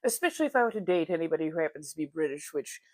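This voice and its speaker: A woman's voice: low voice, very animated, racing, no echo. Woman w/ a slight lilt chatting on a livestream, lots of ups and downs in her voice, dry close sound. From United States. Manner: chatty, greets viewers warmly, frequent laughs. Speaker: livestream host. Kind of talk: casual livestream chat.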